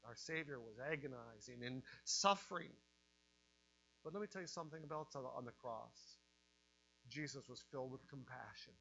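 A man preaching a sermon, dropping to a hush and rising to loud cries. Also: medium pitch, moderate pace, vocal fry, clear, resonant tone. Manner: dramatic swings from hushed to loud.

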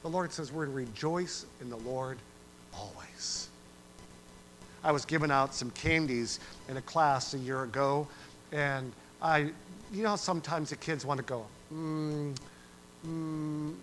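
A man preaching a sermon as pastor, animated and conversational, acting out quoted voices and singing a verse. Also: mid-range voice, unhurried, slight background noise, low-quality recording.

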